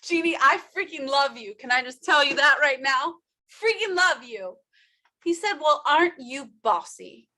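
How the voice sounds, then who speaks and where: Female motivational speaker, high and bright, emphatic, addresses the audience directly. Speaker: workshop speaker. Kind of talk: motivational personal story talk.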